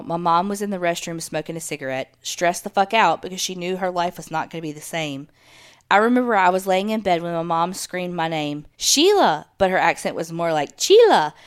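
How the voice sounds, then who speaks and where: Smooth low-voiced woman reading a story. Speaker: podcast host. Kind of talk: reading a listener's true story aloud.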